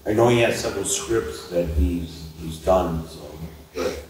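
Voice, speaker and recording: A man on a memorial panel, speaking softly and haltingly with pauses and fillers. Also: deep voice. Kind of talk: reflective remembrance. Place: convention hall panel room. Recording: echoey hall, distant mic, faint noise.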